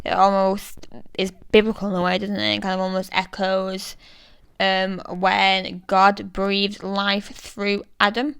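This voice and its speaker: A woman's voice: mid-range voice, completely flat delivery, a little slow, fairly bright tone, smooth, no room sound, low-quality recording. A British woman giving a casual, thoughtful analysis of a poem, chatty and full of fillers. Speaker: literature explainer.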